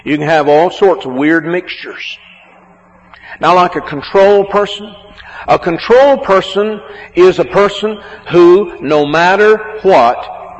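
Man preaching, slow emphatic delivery, higher voice, muffled sound, long hall echo. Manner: slow, emphatic, drawn-out words for stress. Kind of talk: sermon on marriage.

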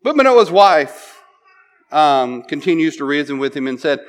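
A man delivers a sermon in a loose, conversational way, retelling scripture in his own words. His voice sits a bit higher than most men's. He keeps checking in with his listeners and often restarts his sentences. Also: sing-song, unhurried. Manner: conversational, often asks "right?" and restarts phrases. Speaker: preacher. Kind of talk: sermon, retelling a Bible passage.

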